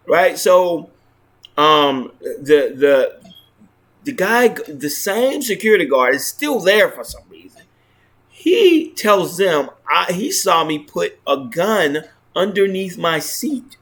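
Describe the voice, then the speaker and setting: Speaking straight to camera, a man with a somewhat high, fairly bright voice tells a personal story in an expressive, unhurried way. He's earnest, often restarting sentences and repeating words, and he keeps ending lines with a questioning "right?"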